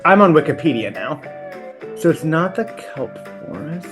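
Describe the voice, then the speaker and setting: Podcast co-host, male, lively swooping delivery, wordy and playful. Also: on the high side, moderate pace, music in the background. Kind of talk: casual chat.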